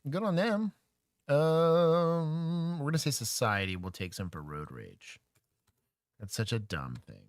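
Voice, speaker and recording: A man's voice: fairly high pitch, lively intonation, unhurried, dry recording. Casting: male livestream co-host, wry, joking, laid-back, dry close sound. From Texas. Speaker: co-host reacting to bodycam footage. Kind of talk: casual livestream commentary.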